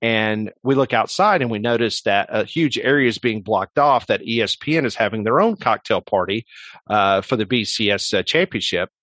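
A man's voice: lowish voice, normal speed, fairly bright tone, no echo. A man on a sports radio interview, telling a long story in a rambling, casual way full of fillers. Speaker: sports radio host, guest.

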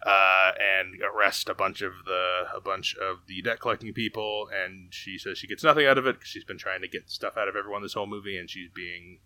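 A man hosting a casual movie podcast, recapping the plot in a rambling, animated way with many restarts. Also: deep voice, a little fast, few pauses, no room sound. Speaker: podcast host. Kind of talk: casual movie review chat.

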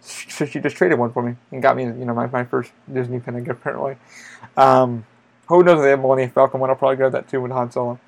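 A man's voice: mid-range voice, flat delivery, fast talker, vocal fry. A man hosting a podcast, telling a story in a loose, rambling way, with lots of swearing and filler words. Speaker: podcast host. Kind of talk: casual storytelling monologue.

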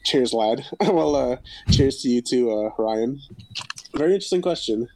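Male co-host, mid pitch, mellow tone, reads listener questions calmly. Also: moderate pace, no echo, poor audio. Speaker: podcast co-host. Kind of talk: casual chat.

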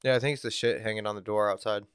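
A man from California co-hosting a casual podcast, lively and wry, with quick asides. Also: lowish voice, clean tone, dry recording, clean studio sound. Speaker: podcast co-host. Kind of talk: casual chat.

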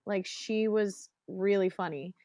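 A woman's voice: mid-range voice, steady tone, a little slow, dark tone. A woman co-hosting a casual chat, retelling jokes with lots of fillers. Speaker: podcast co-host.

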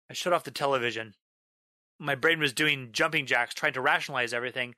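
A man tells a first-person horror story in a bright, clear voice, recorded close with no room sound. His delivery is dramatic, stretching out a haunting refrain and erupting into shouts as the tension mounts. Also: mid-range voice, no room sound. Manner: dramatic, slows down on a repeated line, bursts into yelling. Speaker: narrator.

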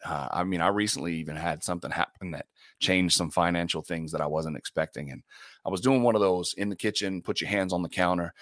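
A man who hosts a radio morning show, a guest in an interview, telling faith stories in an earnest, animated way, often restarting and laughing. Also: low-pitched, no room sound, clean studio sound. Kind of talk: faith-centered interview storytelling.

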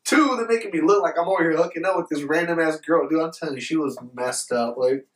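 Young man, animated storyteller, slightly high voice, roomy room, mic at a distance. Profane casual chat. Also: quick pace.

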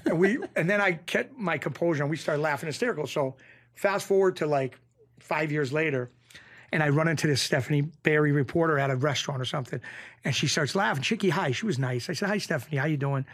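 A middle-aged man, a podcast guest telling rough street stories in a casual, animated way that keeps circling back on itself. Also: fairly high pitch, fast. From Springfield, Massachusetts. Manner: animated storyteller, rough street talk, repeats himself. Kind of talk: casual storytelling.

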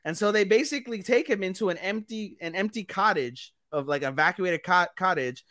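A man with a high voice tells an anime plot in a loose, swearing, animated ramble. He acts out the quotes as he goes, on a close, dry mic. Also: brisk, dry recording. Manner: profane, rambling, animated recapping with put-on quotes. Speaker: podcast co-host. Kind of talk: casual chat, anime recap.

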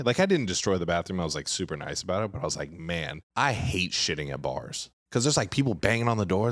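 Deep-voiced man telling a crude story. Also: fast talker, hardly any pauses, no echo, studio quality. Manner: profane, animated, jumps high when quoting himself. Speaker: podcast co-host. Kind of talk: casual storytelling chat.

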